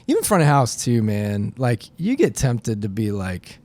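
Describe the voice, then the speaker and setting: A middle-aged man telling stories casually in an interview, animated and full of fillers. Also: on the low side, normal speed. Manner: animated storyteller, many fillers. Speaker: podcast guest, nonprofit founder.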